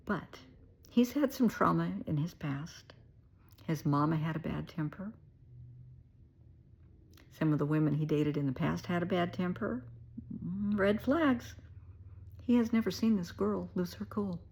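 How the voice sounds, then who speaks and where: A woman's voice: lowish voice, creaky, a little mellow, breathy edge. A middle-aged woman therapist with a Southern US accent, telling a story with emphatic, wry asides. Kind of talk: storytelling advice video.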